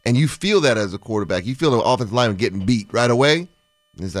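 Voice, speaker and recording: A man's voice: mid-range voice, lively intonation, quick pace, no echo. A man, a former quarterback and co-host on sports radio, breaking down plays in an explanatory way. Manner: explanatory, analytical.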